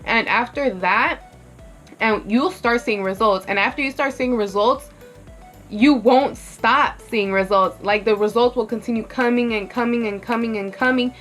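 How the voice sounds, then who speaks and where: A woman's voice: fairly high pitch, normal speed, fairly bright tone, soft background music. Chatty young woman vlogger, lots of "like". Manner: rambling, heavy use of "like", candid, swears freely. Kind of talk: casual get-ready-with-me storytelling.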